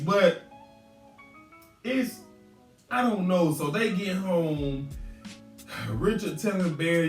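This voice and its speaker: Animated man recapping a TV episode. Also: a little high, moderate pace, far from the mic. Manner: animated, exclaims at the characters, laughs while talking. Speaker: TV show reviewer. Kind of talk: casual episode recap and commentary. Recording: echoey room, off-mic, faint music.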